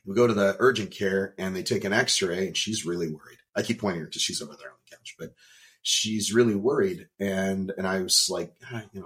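A man, a podcast guest, telling a personal story in an emphatic, animated way, with some swearing. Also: deep voice. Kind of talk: storytelling in an interview.

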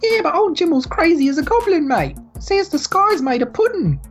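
A woman's voice: very high voice, sing-song, moderate pace, faint music behind, pitched above the performer's own voice. A woman doing a chatty, superstitious guard. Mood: gossipy. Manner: slangy, rambling gossip.

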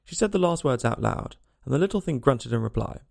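A man narrating a storybook aloud in an expressive, lilting manner. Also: mid-range voice, fairly quick, gravelly.

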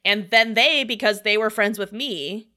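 A woman recounts a personal story in an easygoing chat, with a bright, sharp-edged tone. She talks loosely and swears freely, with "like" after nearly every phrase. When she quotes people, she acts out their voices. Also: medium pitch, measured pace. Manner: chatty, swears freely, heavy use of "like". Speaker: guest telling a personal story. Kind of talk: casual conversational storytelling.

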